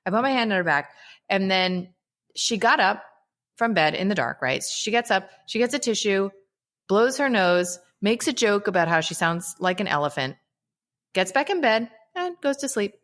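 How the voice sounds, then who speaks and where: A woman's voice: medium pitch, lively intonation, normal speed, a bit bright. A woman talking as a guest in a casual, reflective interview, earnest and sprinkling in "you know" and "right?". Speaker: guest, holistic psychiatrist and author.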